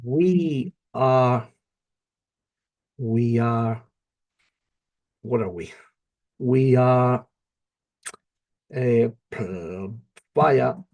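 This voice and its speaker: A man teaching a Spanish lesson, slow and patient, repeating each phrase. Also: mid-range voice, darkish tone. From not from England. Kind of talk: slow spoken language lesson.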